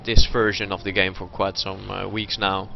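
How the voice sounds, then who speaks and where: A man with a gravelly, creaky voice signs off an esports broadcast at an easy pace, filling gaps with "um" and "uh". He speaks at middle pitch. The sound is muffled, as over online voice chat, with a steady hiss of noise behind him. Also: normal speed. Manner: relaxed, hesitant with many fillers. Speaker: esports caster hosting the broadcast. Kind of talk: closing remarks of a game cast.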